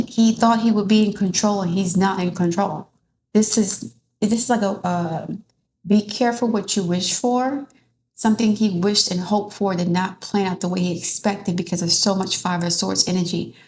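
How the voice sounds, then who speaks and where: A woman's voice: mid-range voice, darkish tone, a little hiss or hum. A woman giving a casual tarot reading in a rambling way, restarting often. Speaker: tarot reader.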